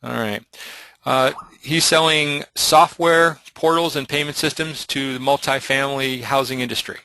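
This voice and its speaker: A man hosting a sales webinar, briskly relaying audience questions to his guest. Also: medium pitch, steady tone, bright, forceful tone, clean tone, no room sound, poor audio. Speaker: webinar host. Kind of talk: moderating a webinar.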